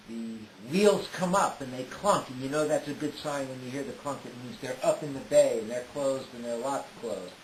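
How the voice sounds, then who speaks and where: A man recounts a story at an unhurried pace, pausing often on "uh" as he works through each detail. His voice sits at a middling pitch for a man. The room around him rings a little, and a faint hiss runs underneath. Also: reverberant, poor audio. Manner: detailed, unhurried telling with frequent "uh" fillers. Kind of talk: casual first-person storytelling.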